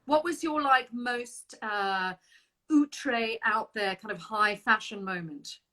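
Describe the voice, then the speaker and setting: A woman hosting a live-streamed video-call interview, chatty and quick to laugh. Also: a little high, pushed and bright. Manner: chatty, laughs often, reads viewer comments aloud. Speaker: host.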